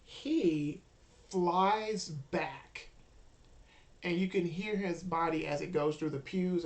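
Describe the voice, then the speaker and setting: A woman's voice: lowish voice, takes it slowly. A woman running a live-streamed tabletop role-playing game as game master, narrating with sudden dramatic outbursts.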